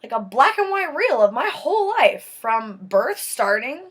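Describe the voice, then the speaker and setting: A woman telling her own life story in a casual, dramatic way, slow and deliberate, dropping to a hush at tense moments. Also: high-pitched, very animated, husky.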